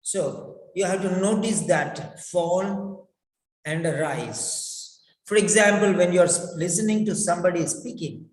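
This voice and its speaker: A man teaching a lesson on spoken English. He talks slowly, repeats himself and acts out example phrases. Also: sits high. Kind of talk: classroom lecture. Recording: echoey room with long reverb.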